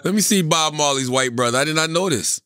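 A man's voice: a little high, fast. A man co-hosting a comedy podcast, incredulous and laughing often in casual banter. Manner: laughs a lot, animated, incredulous. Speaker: podcast co-host.

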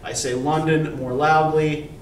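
A man's voice: fairly high pitch, steady tone, unhurried. A male college English instructor giving a classroom lecture, explaining patiently and often checking in with "right?". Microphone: recorder at a distance in the room. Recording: roomy distant classroom recording with faint background noise.

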